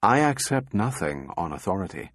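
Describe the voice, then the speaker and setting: Male reader voicing a calm reasoning robot, quiet and measured, dry close sound. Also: sits low, dry recording, full character voice. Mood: placid.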